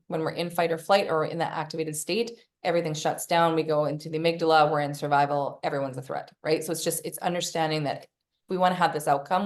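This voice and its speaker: A woman hosting a podcast, giving casual self-help coaching, swearing freely and acting out her own inner voice. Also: lowish voice. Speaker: podcast host.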